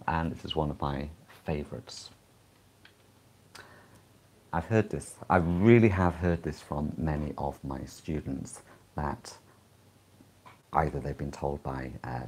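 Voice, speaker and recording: A man teaching English exam preparation, explaining calmly with frequent short pauses. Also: a bass voice, breathy edge. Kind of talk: live-streamed exam advice lesson.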